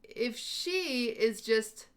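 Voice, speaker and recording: A woman's voice: fairly high pitch, lively intonation, drawn-out words. A woman hosting a livestream, thinking aloud to her chat in a casual, questioning and unsure way. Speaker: livestream host.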